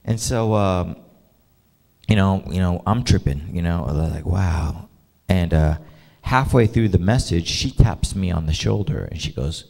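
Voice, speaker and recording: Gravelly-voiced male preacher telling stories. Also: low-pitched, moderate pace. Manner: animated, laughs often, many fillers. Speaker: pastor. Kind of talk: storytelling sermon.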